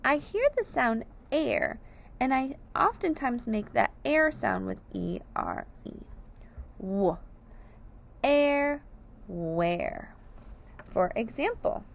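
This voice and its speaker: A woman's voice: high-pitched, expressive, unhurried, creaky. A woman teaching phonics to young children, patiently sounding out each word letter by letter.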